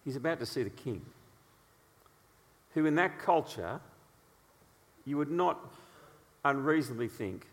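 A man preaching a sermon, telling stories in an animated way with frequent "uh" fillers. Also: medium pitch, a little slow, long pauses, big-room sound.

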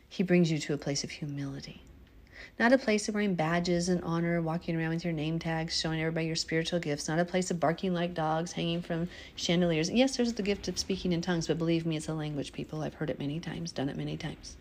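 A woman's voice: deep voice, fairly even intonation, fast. A woman giving an informal, earnest Bible teaching, reading verses aloud and explaining them in a preachy, heartfelt way. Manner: earnest, preachy, chokes up emotionally.

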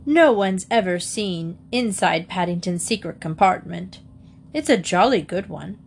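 A woman's voice: on the low side, animated, measured pace, gravelly, a little hiss or hum. A woman voicing a cheerful, confident schoolboy who is loyal to his friend.

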